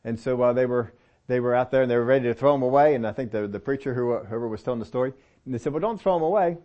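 A middle-aged male pastor delivers his sermon like a chat, his voice at a plain, everyday pitch. He tells personal stories and often lifts his pitch to drive a point home. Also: very fast, highs cut off. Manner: conversational storytelling with lively pitch swings and laughs.

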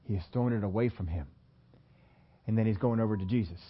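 A man's voice: on the low side, quick pace. Man preaching a casual sermon, lo-fi. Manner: conversational, asks the room questions. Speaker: pastor. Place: church room.

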